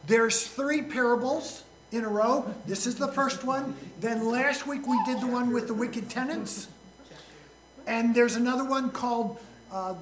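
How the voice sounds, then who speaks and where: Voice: medium pitch, a bit bright, reverberant, low-quality recording. A pastor preaching a sermon in a folksy, joking way, asking the congregation questions along the way.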